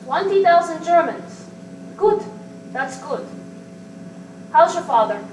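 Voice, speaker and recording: A woman playing a stern old grandmother speaking from a school stage in a high, clipped voice that carries cold, unbending authority. The recording is distant and echoey, with a steady hiss running beneath it. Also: takes it slowly, exaggerated voice. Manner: curt, clipped and unyielding. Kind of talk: amateur stage acting.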